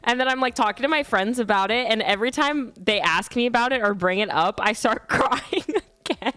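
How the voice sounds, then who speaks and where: A young woman chats through a long casual story, wandering and poking fun at herself with loose fillers and offhand swearing. Her voice is bright and crisp, and it stays smooth and clear. It comes across as a relaxed, personal storytime. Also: a little high, a little fast, dry recording, studio quality. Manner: rambling, self-deprecating, swears casually. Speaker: streamer.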